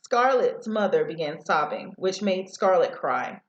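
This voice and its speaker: A woman's voice: lowish voice, very animated, unhurried. Woman teacher, novel read-aloud, headset mic, stumbles on words, echoey room, dull sound. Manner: stumbles and restarts over words. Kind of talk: reading a novel aloud to students.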